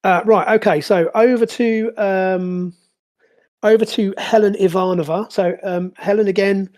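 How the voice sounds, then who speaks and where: Hesitant, mellow-voiced game master. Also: medium pitch, fairly even intonation, measured pace. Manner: hesitant, many fillers and restarts. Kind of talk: narrating a tabletop game.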